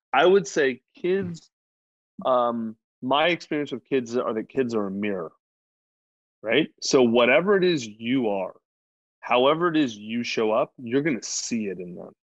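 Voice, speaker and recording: A man's voice: mid-range voice, dry recording. A man answering interview questions thoughtfully, searching for the right words. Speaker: podcast guest. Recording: slightly dull, dry sound.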